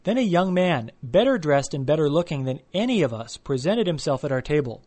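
Male narrator, wry comic storytelling, slightly higher pitch. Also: very animated, fairly quick, hardly any pauses, a little mellow.

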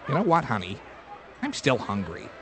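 A man's voice: medium pitch, huge pitch swings, normal speed, background noise. A young man with an American accent acting a joking, always-hungry newlywed husband in a scripted learner dialogue. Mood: teasing. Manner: joking, wheedling. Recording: music playing behind.

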